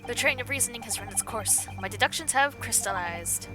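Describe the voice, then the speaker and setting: A woman's voice: a little high, animated, a little fast, music in the background, lightly acted. Woman reading as a grandiose eccentric male detective. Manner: grandiose, theatrical declarations. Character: eccentric pompous tall European male detective. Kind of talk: reading game dialogue aloud.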